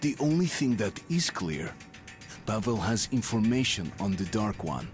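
An actor voicing a weary young male soldier, giving measured, brooding game narration between levels. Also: fairly low pitch, sing-song, faint music behind.

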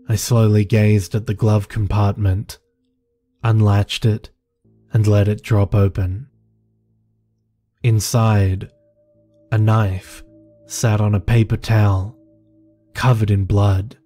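A man narrating a horror story in a slow, measured first-person telling. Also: fairly low pitch, steady tone, warm tone. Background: faint music.

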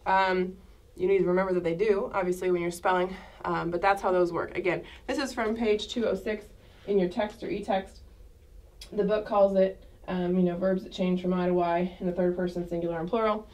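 A woman's voice: fairly low pitch, level tone, a little fast, a little mellow. A woman teaching a Spanish class, explaining grammar in a chatty way and checking in with the class by asking "okay?" again and again. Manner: checks in with frequent "okay?" asides; self-correcting, chatty explanations. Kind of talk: classroom lecture at a whiteboard.

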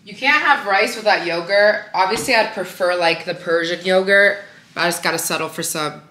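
A woman's voice: fairly low pitch, fairly quick, noisy background. Chatty young woman, stuffy nose. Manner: chatty, lots of "like" and "you guys". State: nasal from a cold. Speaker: vlogger, mother. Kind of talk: casual vlog chat. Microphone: handheld compact camera.

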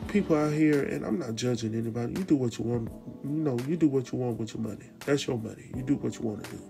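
A man casually recapping a TV drama episode, animated and slangy, speaking straight to his viewers. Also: mid-range voice, fast, creaky, music in the background. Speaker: TV recap host.

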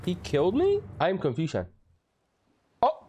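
A young man giving excitable gameplay commentary with narration, breaking into yelps and shouts and joking trash talk. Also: sits high, normal speed, husky. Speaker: gaming video creator.

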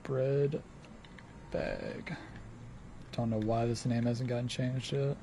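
A man's voice: medium pitch, very animated, slow, gravelly, dark tone, a little hiss or hum. Swearing man streaming a game. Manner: swears a lot, flips between laid-back and exasperated. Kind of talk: casual gaming stream commentary.

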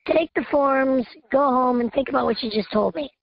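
A snippy, dismissive court clerk, a woman as a man puts her on, talks in a high, gravelly voice full of disbelief. The sound is muffled and lo-fi. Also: moderate pace, no echo, full character voice. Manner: incredulous, dismissive.

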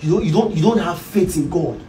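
A woman's voice: on the low side, animated, a little fast, warm tone, close to an everyday voice, poor audio. A Nigerian woman acting a devout spouse who kneels and pleads in prayer, repeating phrases in a preachy way. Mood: pleading. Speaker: actor in a comedy skit.

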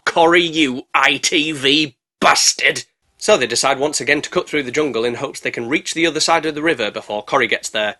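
A British man recapping a monster movie with cheeky sarcasm and a comic edge. His voice is bright and fairly high, and his pitch swings widely. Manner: cheeky, sarcastic, bursts into squeaky put-on voices. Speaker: movie reviewer. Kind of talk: comedic movie recap narration.

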